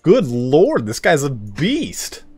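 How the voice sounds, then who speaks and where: A man casually commenting on a strategy game he is playing, chatty and excitable, often laughing. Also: fairly high pitch, takes it slowly, husky. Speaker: let's play streamer.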